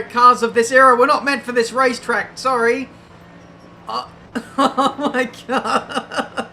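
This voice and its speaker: A man's voice: high voice, pushed and bright. A young man giving casual, self-mocking commentary while playing a racing game. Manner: chatty, self-mocking, quick exclamations. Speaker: gaming YouTuber. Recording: game audio and engine noise behind.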